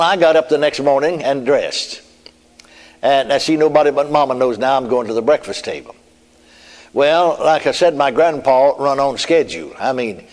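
A man with a mid-range, somewhat dark voice preaches a sermon testimony, telling it in a folksy storytelling style while chuckling and slipping in an amen. The recording carries a long hall reverb.

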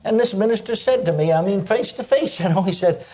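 A man's voice: sits high, a little fast, hardly any pauses, darkish tone. A man preaching a sermon, emphatic, breaking in with cries of praise and calling on listeners to answer him. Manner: calls for audience response.

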